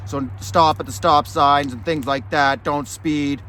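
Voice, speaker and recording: Man, slightly high voice, angry, swearing vlog storyteller outdoors, faint traffic. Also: steady tone, unhurried, pushed and bright. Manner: angry, profane and rambling. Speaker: vlogger. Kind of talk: casual storytelling.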